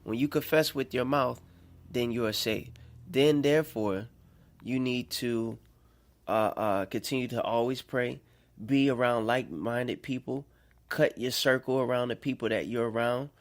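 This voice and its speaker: A man giving an informal sermon to listeners, conversational and checking in with them, swinging between rising emphatic stretches and soft, quiet ones. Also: medium pitch, measured pace. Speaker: self-made preacher. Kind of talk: informal preaching monologue.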